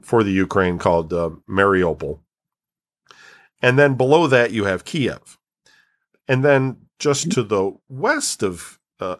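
Low-voiced man explaining in casual chat. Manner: rambling, many fillers and restarts.

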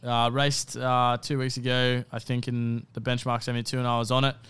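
An Australian man talks through his racing picks on a podcast, rambling and correcting himself as he goes. His voice is very crisp and clear at a middling pitch, recorded close and dry. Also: level tone, a little fast, a bit bright, dry recording. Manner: rambling, self-correcting, lots of ums. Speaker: podcast co-host tipping races. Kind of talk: casual racing tips chat.

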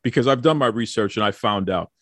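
A man's voice: on the low side, fast talker, a bit bright, no echo. A man hosting a casual podcast chat, joking and teasing his guests, often repeating words as he talks. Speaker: podcast host.

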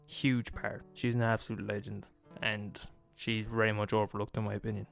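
A man telling a film story in a casual, animated monologue, swearing freely and digressing. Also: lowish voice, moderate pace, vocal fry, faint music behind.

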